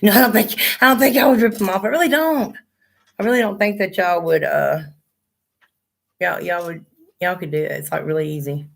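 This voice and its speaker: A woman's voice: fairly low pitch, brisk, vocal fry, long pauses. A middle-aged woman, chatting on a livestream and telling blunt, profane stories. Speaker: livestream host. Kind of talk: casual chat.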